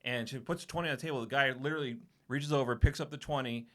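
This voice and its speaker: A man telling a profane, animated story on a casual podcast, acting out what everyone said. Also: mid-range voice, fast. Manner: profane, animated anecdote-telling with acted-out quotes. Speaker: podcast co-host.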